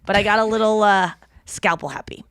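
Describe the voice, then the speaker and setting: A woman in her thirties hosts a podcast with a medium-pitched, brisk, slightly bright voice, rambling casually, swearing freely and joking at her own expense. The sound is clean studio audio with no echo.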